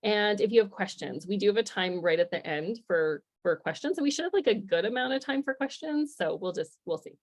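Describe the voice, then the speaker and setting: A woman's voice: mid-range voice, lively intonation, fairly quick, few pauses. A woman in her forties presenting an informal webinar over a video call, chatty and upbeat, often laughing. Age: 40s. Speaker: guest presenter.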